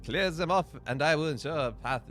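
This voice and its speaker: A man voicing a proud, gossipy male lamplighter spirit in a high, strained, declaiming voice while reading a video game aloud. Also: fairly quick, a bit bright, natural voice. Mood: urgent pleading.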